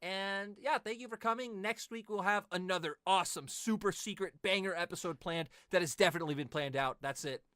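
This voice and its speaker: Guy hosting a chill podcast, bright voice, dry close mic, jokey and chatty. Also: high-pitched, a little fast, few pauses, no echo. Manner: joking, chatty, wraps up the episode. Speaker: esports caster hosting a podcast. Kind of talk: casual chat.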